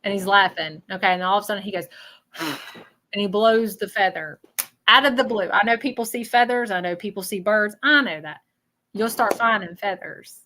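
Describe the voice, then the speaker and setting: Casting: woman, psychic medium hosting a live reading, chatty, bright tone. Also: medium pitch, fairly quick, a little hiss or hum, poor audio. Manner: chatty, keeps checking in with 'okay?'.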